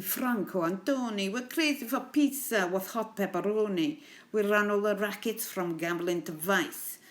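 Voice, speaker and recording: A woman's voice: mid-range voice, voice pushed up, close to an everyday voice. A woman voicing a gang of male mafia cats with a put-on Italian accent, reciting in a boastful, menacing sing-song.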